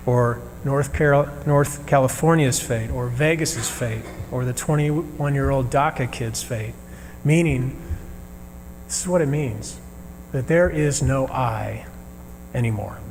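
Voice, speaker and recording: A male minister delivers a sermon slowly and earnestly, leaning on pauses between phrases. His mid-pitched voice rings out in a church sanctuary with a long reverb tail. A faint electrical hum sits underneath. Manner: earnest, measured preaching with pauses.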